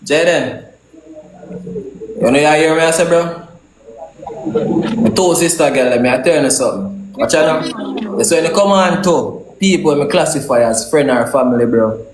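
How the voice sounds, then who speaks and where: A man's voice: mid-range voice, moderate pace, long pauses. A Jamaican man on a live stream, blunt and insistent, repeating his point. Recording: echoey room with faint hiss.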